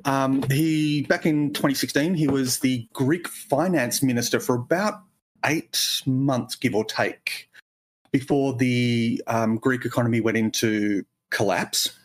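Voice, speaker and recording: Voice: mid-range voice, unhurried. Dry, joking talk show co-host. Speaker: co-host, tech reviewer. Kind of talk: casual chat.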